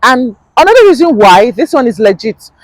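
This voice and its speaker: A woman's voice: on the high side, sing-song, fairly quick, no room sound, low-quality recording. A woman with a Nigerian accent giving casual advice in a chatty vlog, laughing often and repeating points for emphasis. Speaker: vlogger.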